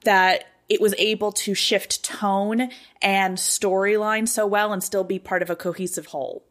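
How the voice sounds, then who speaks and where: A woman co-hosting a podcast in relaxed conversation. Her voice sits at a middle pitch for a woman. She thinks aloud with plenty of "like" and "sort of", and she often lifts into bursts of excitement. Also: measured pace. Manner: animated, enthusiastic, thinks aloud with fillers. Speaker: podcast co-host. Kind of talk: casual chat.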